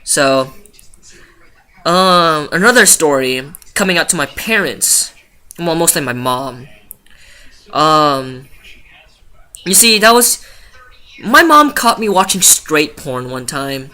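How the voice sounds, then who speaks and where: Teen guy, bright forceful voice, casual vlog, rambling, swears a lot. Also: fairly high pitch, animated, takes it slowly, pauses often, clear, resonant tone. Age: late teens. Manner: chatty, rambling, swears freely, lots of fillers. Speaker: vlogger.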